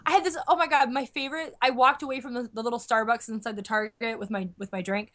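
A young woman chatting casually, an animated storyteller full of fillers who acts out quotes. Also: on the high side, fast talker. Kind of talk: casual chat.

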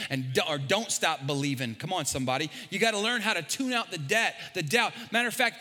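A man preaching a sermon as pastor, animated and jokey, stumbling and repeating words. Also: high-pitched. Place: large church hall. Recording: long hall reverb.

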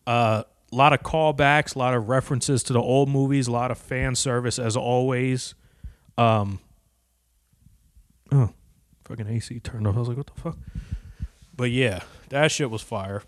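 A man ranting to camera, cursing constantly and swinging from low muttering to loud, heated outbursts. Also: fairly even intonation, normal speed, dry recording. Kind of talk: profane rant to camera.

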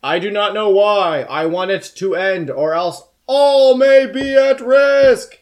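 A man voicing an undead male demon cat who speaks in a booming, solemn voice. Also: lively intonation. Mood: urgent. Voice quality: booming, slow and grand.

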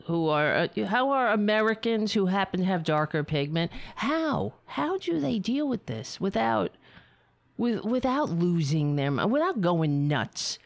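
A woman host giving political commentary, taking her time over each phrase while her pitch swings widely. She sounds sarcastic and indignant and swears freely, and her voice sits dry and close to the mic. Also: dry recording. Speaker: show host.

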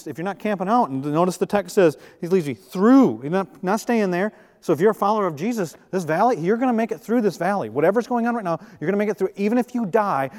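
A man preaches in a higher-pitched voice, keeping it conversational and joking, sometimes acting out short quotes. His voice rings out with long reverb, as if in a large church hall. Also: a little mellow. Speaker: pastor. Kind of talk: sermon.

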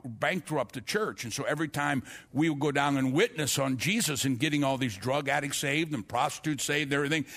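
Man preacher, somewhat high voice, earnest testimony delivery that trips over and repeats words. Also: a bit bright. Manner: earnest storytelling, frequent restarts and repeated words. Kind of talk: sermon with personal testimony.

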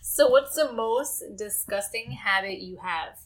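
A woman in casual conversation who speaks bluntly and frankly. She swears freely as she talks, and her delivery stays relaxed and conversational. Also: fairly high pitch, unhurried, noisy background. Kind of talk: casual chat.

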